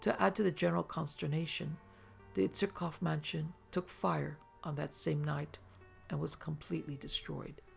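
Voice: medium pitch, steady tone, gravelly, faint music behind. A narrator reading an old ghost story aloud with dramatic pacing. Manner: dramatic, slow in places.

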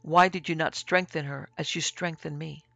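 A man voicing a fanatical, gravelly priest. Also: on the high side, steady tone, normal speed, bright, forceful tone, dry recording. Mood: reproachful. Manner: shrieking and wild, then cold and curt. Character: fanatical priest, man, mad with joy and then cold. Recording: dry, dull lo-fi recording.

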